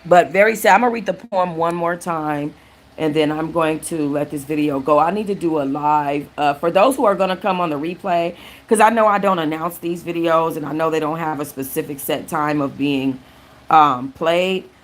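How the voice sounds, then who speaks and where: A woman's voice: deep voice, moderate pace. A woman hosting a casual live-stream book chat, chatty and prone to restarting sentences. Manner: chatty, restarts often, thanks viewers mid-sentence. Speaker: book channel host.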